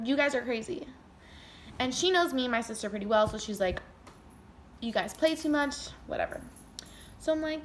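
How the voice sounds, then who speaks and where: A young woman chats through a storytime vlog, peppering every sentence with "like" and acting out the people she quotes. Her voice sits a little high and sounds bright and forward. A faint hiss of noise runs under the recording. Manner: chatty, heavy use of "like", animated quoting. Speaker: vlogger.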